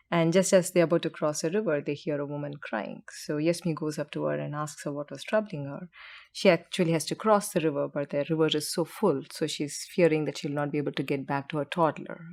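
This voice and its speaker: Low female guest voice, soft, measured storytelling. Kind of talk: calm storytelling interview answer.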